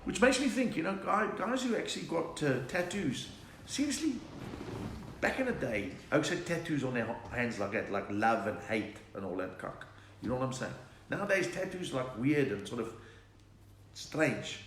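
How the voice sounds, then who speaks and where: A man's voice: medium pitch, very animated, normal speed, fairly bright tone. A South African man doing stand-up chat on a live stream, reading viewer messages and telling stories, often slipping into put-on voices. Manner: chatty storytelling, slips into put-on accents and voices. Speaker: comedian reading viewer comments. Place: room at home. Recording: echoey room, faint background noise.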